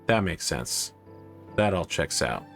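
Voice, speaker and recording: A man streaming a city-building game, thinking aloud in casual commentary that rises when he gets excited. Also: low voice, slow pace, creaky, music in the background. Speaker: gaming streamer.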